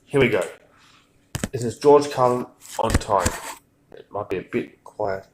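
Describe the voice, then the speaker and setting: A man's voice: lowish voice, measured pace, darkish tone, slight background noise, rough recording. A man hosting a live stream, talking casually in an offhand, distracted way while he makes tea. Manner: offhand, distracted, talks while doing chores. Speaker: stream host.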